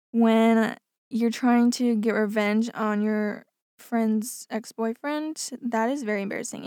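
A woman's voice: medium pitch, a little mellow, no room sound, studio quality. A young woman hosting a casual podcast, reading out listener stories and chatting about them, often saying "like". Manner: chatty, says "like" often, laughs things off. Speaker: podcast host.

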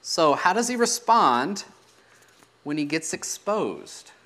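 A man's voice: on the high side, sing-song, slow pace, a bit bright. A man preaching a sermon in a teaching manner, asking rhetorical questions and letting his voice drop at the ends of phrases.

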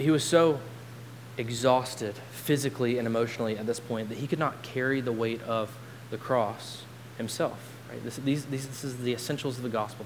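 A man preaching a sermon as pastor, earnest, lifting his voice for quoted scripture and dropping low to press a point. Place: church sanctuary. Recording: long hall reverb, faint hum.

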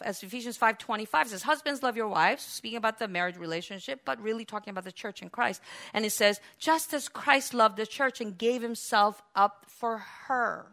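A woman pastor preaching a sermon, building to loud, emphatic peaks and acting out her congregation's complaints. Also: fairly high pitch, fairly quick. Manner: acts out churchgoers' complaints in quoted voices.

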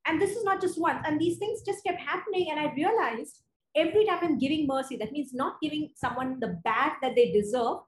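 Polish: kobieta o wysokim głosie z indyjskim akcentem, pogłos w sali. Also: female voice, sits high, reverberant, slight background noise, low-quality recording. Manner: earnest, conversational, reads scripture slowly and deliberately. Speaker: preacher. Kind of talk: sermon with scripture reading.

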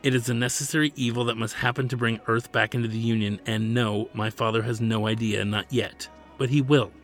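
A man's voice: medium pitch, steady tone, brisk, soft background music, lightly acted. A man voicing a cold, proud young princess, speaking curtly and dismissively. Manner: curt, dismissive.

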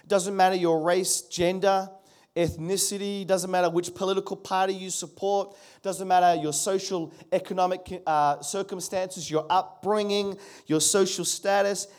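A man preaches a sermon from the pulpit, with a voice that sits noticeably high for a man. He speaks earnestly and draws his listeners in with rhetorical questions and calls for a response. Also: steady tone, normal speed, a little mellow. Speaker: pastor.

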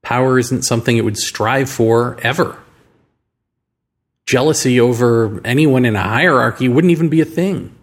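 Man musing in a slow monologue. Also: mid-range voice. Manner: musing, rhetorical questions, slow deliberate phrasing. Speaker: podcast host. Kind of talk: reflective monologue.

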